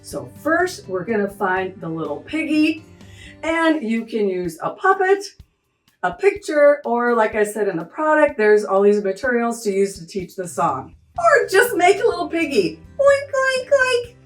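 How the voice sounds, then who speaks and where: A woman music teacher walks through a lesson, acting out animal sounds as she explains. Her voice is a little high and sing-song at a moderate pace, sounding roomy and far from the mic.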